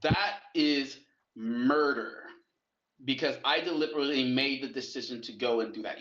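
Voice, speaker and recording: A man talking in loose, profane casual chat. He slows down and halts when the topic turns heavy. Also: medium pitch, a bit bright. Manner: loose, profane, talks while eating and moving around; slow and halting on heavy topics. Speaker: guest in a conversation. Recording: dull lo-fi, roomy echo.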